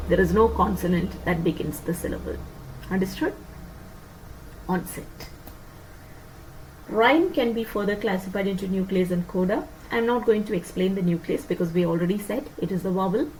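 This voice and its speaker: A woman teaching a phonetics lesson, repeating points and asking her students quick questions to check they follow. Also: medium pitch, darkish tone, a little hiss or hum, rough recording. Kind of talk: lecture on phonetics.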